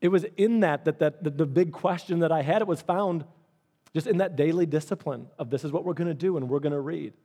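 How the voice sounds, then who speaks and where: Male pastor, middle-aged, slightly high voice, earnest conversational sermon delivery. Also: a little fast, warm tone. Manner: earnest, conversational preaching with repeated phrases.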